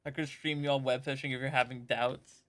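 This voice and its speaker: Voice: medium pitch, level tone, normal speed, a bit bright. A streamer in casual gaming chat, rambling and joking with frequent giggles.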